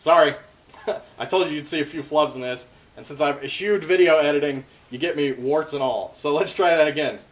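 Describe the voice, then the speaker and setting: A man's voice: on the high side, a little fast, over loud music. A man casually teaching hand-drum rolls, explaining step by step with lots of ums and uhs. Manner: relaxed, filler-heavy explaining. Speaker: darbuka teacher. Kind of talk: casual instructional talk. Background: drum playing between phrases.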